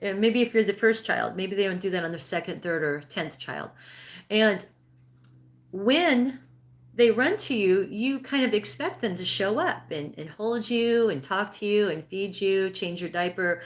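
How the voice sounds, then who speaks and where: A woman in her sixties hosts a live-streamed spiritual healing talk and responds to viewer comments. She speaks in an earnest, conversational way and often restarts her sentences. Her voice sits at an ordinary middle pitch for a woman. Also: expressive, unhurried. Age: 60s. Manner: acts out inner thoughts in a raised, pleading voice.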